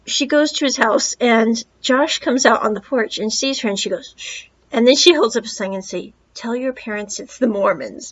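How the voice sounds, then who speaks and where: A woman's voice: fairly high pitch, muffled recording. A woman in her thirties hosting a podcast, giving a rambling casual movie review with asides and retold dialogue. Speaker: podcast host reviewing a film.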